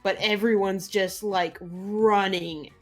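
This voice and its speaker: A woman runs a tabletop game, narrating slowly and easily. She pauses often and laughs along, with faint music under her voice. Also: mid-range voice. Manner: relaxed narration with frequent "uh" and laughs. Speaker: game master.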